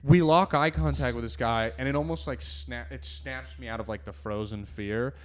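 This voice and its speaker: A man's voice: medium pitch, normal speed. A man hosting his podcast, telling a road story in casual chat, laughing and acting out the dialogue. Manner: loose, laughing storyteller who acts out dialogue. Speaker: podcast host.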